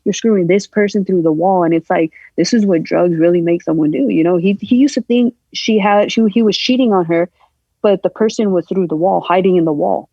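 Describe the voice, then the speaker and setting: Woman telling a painful story, halting. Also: on the low side, dark tone, no echo. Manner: emotional, halting, acts out quoted voices. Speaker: podcast guest. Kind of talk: candid personal storytelling. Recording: dull lo-fi sound.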